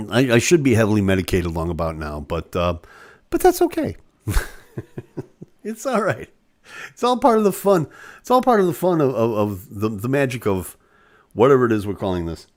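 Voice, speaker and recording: A man's voice: mid-range voice, a little mellow. A man hosting a live online show, chatting casually with viewers and going off on joking, rambling rants.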